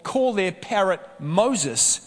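A jittery male burglar, as a preacher puts him on, speaking in a high voice. A long hall reverb follows him. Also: animated, takes it slowly, exaggerated voice. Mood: sneaky. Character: nervous male burglar talking to himself.

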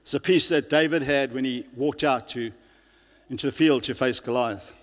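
A man's voice: mid-range voice, normal speed, fairly bright tone. Man preaching in a reverberant hall. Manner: earnest preaching, many restarts and fillers. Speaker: pastor. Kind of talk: sermon. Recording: long reverb of a large hall.

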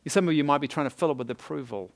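A pastor delivers a sermon in a storyteller's manner. His voice sits a bit high for a man, and he breaks into chuckles and asides to the congregation as he goes. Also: very fast.

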